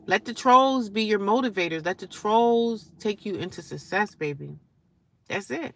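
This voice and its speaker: Defiant, sarcastic woman in her forties. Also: mid-range voice. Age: 40s. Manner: defiant, sarcastic, swings from loud to muttering. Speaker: vlogger. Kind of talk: casual direct-to-camera rant.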